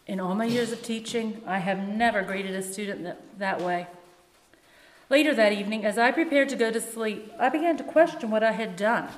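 A woman who teaches music, reading her own first-person story in a measured, earnest way. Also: mid-range voice, a little hiss or hum. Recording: echoey room with long reverb.

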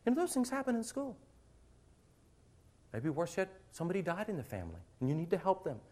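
A man's voice: high-pitched, big pitch swings, a little fast. A middle-aged male teacher giving a conversational lecture to other teachers, acting out little classroom scenes as he goes.

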